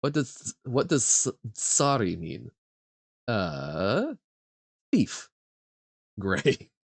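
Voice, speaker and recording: A young man on a live stream works through a vocabulary quiz, repeating each foreign word slowly and guessing its meaning out loud. His pitch moves a lot, rising on his guesses and dropping again. The sound is dry and close. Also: very animated, vocal fry, slightly rough, no room sound. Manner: sounds out foreign words slowly, guessing aloud and laughing at himself. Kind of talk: casual live-stream chat while playing a vocabulary quiz.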